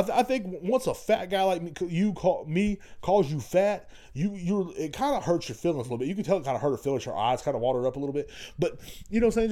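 A man's voice: a little high, warm tone. A man hosting a podcast, talking in a rambling, blunt and heavily profane way. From Texas. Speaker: podcast host. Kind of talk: casual solo podcast rant.

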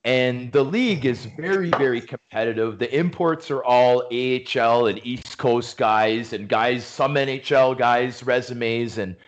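A man's voice: medium pitch, measured pace, few pauses, dull audio, a little hiss or hum. A man hosting a casual interview podcast, a former hockey player who asks long questions full of fillers.

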